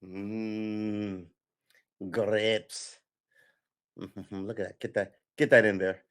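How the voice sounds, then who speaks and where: A man's voice: fairly low pitch, level tone, very slow, pauses often. A man chatting casually on a home live stream, rambling and joking as he snacks, often laughing. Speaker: vlogger.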